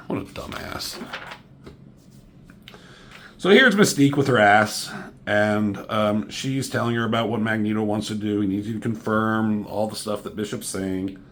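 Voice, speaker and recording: A man casually reviewing a comic book, sarcastic and profane, mocking the characters with quick impressions. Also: on the low side, fairly bright tone.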